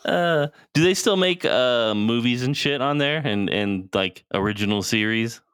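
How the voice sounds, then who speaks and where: A man's voice: medium pitch, lively intonation, a little slow, a bit bright, clean tone, no room sound, studio quality. A man co-hosting a casual podcast, asking many questions and laughing often, on a new cheap mic. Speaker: podcast co-host. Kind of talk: casual chat.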